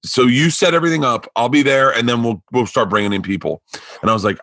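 A man from Florida hosting a podcast, telling comedy-club stories in a casual, animated way with profanity and quick asides. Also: mid-range voice, no room sound. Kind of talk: casual storytelling chat.

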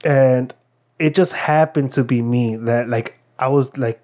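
Excited rambling young-sounding man. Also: medium pitch, a little slow. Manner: rambling, excited storytelling with many fillers and quoted voices. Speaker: storyteller in casual chat. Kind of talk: casual chat.

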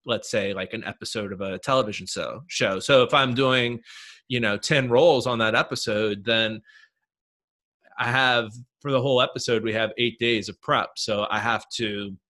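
A man's voice: lowish voice, normal speed, sharp tone. A man hosting a podcast, talking in a chatty, playful way with lots of fillers, who also works in casting. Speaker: podcast host and casting professional. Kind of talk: casual podcast conversation.

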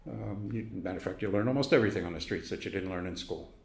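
A gravelly, lowish voice belongs to an older Brooklyn native who talks fast while recounting his youth for an oral history. He chuckles and acts out others' voices, and the recording is reverberant.

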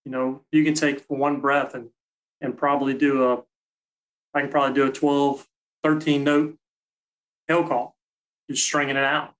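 A man, a guest call maker, explaining his technique step by step in a relaxed, practical way. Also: medium pitch, normal speed, pauses often, low-quality recording.

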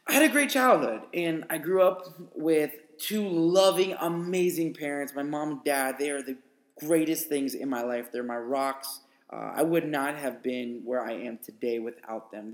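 A young man hosting a podcast talks through his own life story in a casual, earnest way and leans on plenty of fillers. His voice sits a little high for a man. The room around him rings with a noticeable echo. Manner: earnest, chatty, with frequent fillers. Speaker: podcast host. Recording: roomy echo.

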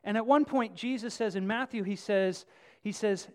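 A preacher who talks with the congregation in a relaxed, joking way, at an ordinary mid pitch. Key phrases get a lift and extra stress, and asides drop low. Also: moderate pace. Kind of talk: conversational sermon.

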